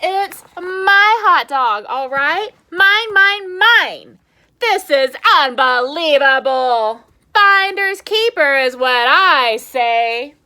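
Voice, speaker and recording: A woman voicing a grumpy, possessive male pigeon from a picture book, loud and indignant. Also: sits high, very animated, extremely slow, pitched above the performer's own voice, exaggerated voice. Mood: exasperated.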